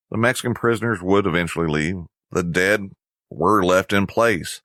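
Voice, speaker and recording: A man narrating a history lesson in a measured, somber storytelling manner. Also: sits low, a bit bright, no echo, clean studio sound.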